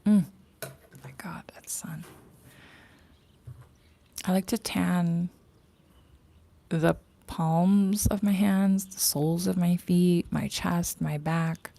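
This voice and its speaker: Low gravelly woman chatting. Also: fairly even intonation, slow, long pauses, warm tone, dry recording. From Canada. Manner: rambling, chatty, drops into whispered asides, laughs often. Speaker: livestream host. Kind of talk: casual livestream chat. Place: outdoors in morning sun.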